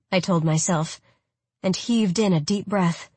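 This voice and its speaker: Husky woman narrating an audiobook. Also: on the low side, unhurried, no echo. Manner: steady storytelling with quoted replies. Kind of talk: first-person audiobook narration.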